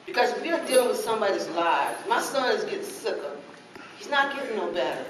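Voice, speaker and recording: A middle-aged woman with a mid-range voice talks fairly quickly, her pitch swinging widely, as she pleads during public comment at a meeting hall. Speaking as a parent caregiver, she is passionate and repetitive. The sound is noisy and echoey, recorded from a distance.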